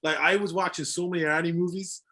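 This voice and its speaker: A man's voice: fairly high pitch, steady tone, fast, over a noisy crowd. A young man who is a voice-acting guest, chatting casually and eagerly explaining his craft with examples. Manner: eager, explains with examples, many fillers and restarts. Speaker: voice actor guest. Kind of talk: casual podcast chat.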